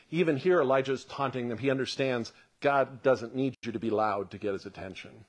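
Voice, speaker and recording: A man preaching a conversational sermon who reads scripture aloud and comments on it, sometimes dropping to a hush for emphasis and sometimes building with excitement. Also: medium pitch. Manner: earnest, drops to a hush for emphasis, then swells with excitement.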